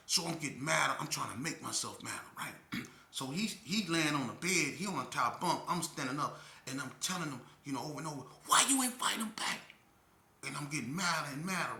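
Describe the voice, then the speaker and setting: A man's voice: mid-range voice, reverberant. A man telling a story in casual chat and acting out the people he quotes. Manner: animated, acts out quotes loudly. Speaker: storyteller guest.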